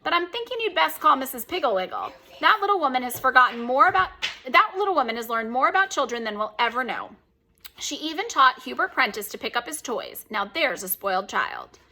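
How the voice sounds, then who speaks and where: Chatty housekeeper, put on by a woman; folksy, gossipy, higher pitched. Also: sing-song, brisk, bright, forceful tone, slight background noise, full character voice.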